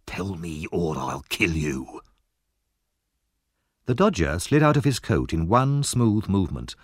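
Expressive male storyteller, low and lively. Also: dry recording, clean studio sound. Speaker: narrator. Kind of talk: audiobook story narration.

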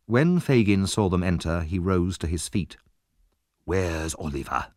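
A man narrating a story as an audiobook, with expressive, lively storytelling. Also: low voice, moderate pace, dry recording, studio quality.

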